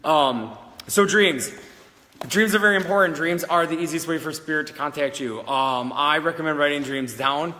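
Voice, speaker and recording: A man's voice: a little high, moderate pace, pushed and bright, big-room sound. A man working as a psychic medium, telling a story casually to camera in a rambling, giggly way with many fillers and restarts. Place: old schoolhouse in the country, indoors.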